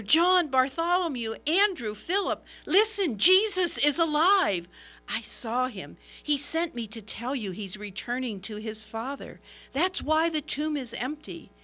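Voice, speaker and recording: A woman's voice: medium pitch, vocal fry, a bit bright. A woman voicing Mary, a grieving follower of Jesus, in an earnest and emotional first-person dramatic monologue. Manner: earnest, emotional, swelling at moments of wonder.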